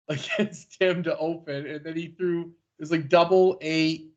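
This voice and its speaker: A man's voice: fairly high pitch, fairly even intonation, unhurried, a little mellow, lo-fi sound. A man co-hosting a podcast, teasing the others with dry humor. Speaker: podcast co-host. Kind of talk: casual banter.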